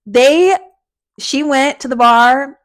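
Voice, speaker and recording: A young adult woman hosting a podcast, telling a personal story in a casual, animated way and swearing freely. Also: high voice, slow. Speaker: podcast host.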